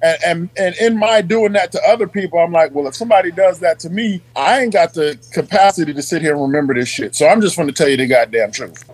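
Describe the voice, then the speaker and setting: A middle-aged Army sergeant telling stories in a casual podcast chat, swearing freely and acting out what people said. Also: male voice, a little high, quick pace, hardly any pauses. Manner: profane, animated storyteller acting out quotes.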